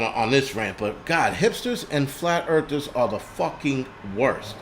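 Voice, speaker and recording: A man's voice: medium pitch, a little hiss or hum. A man hosting a livestream, ranting angrily with heavy profanity, restarting and stammering over his words. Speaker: host. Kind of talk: livestream rant.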